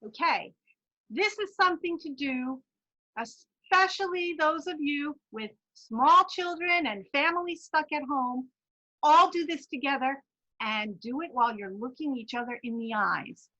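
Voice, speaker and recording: A woman leading a guided laughter yoga lesson in an encouraging, chatty way, breaking into loud chanted laugh sounds, recorded on dull lo-fi online talk audio. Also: sits high, a little slow. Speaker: wellness presenter.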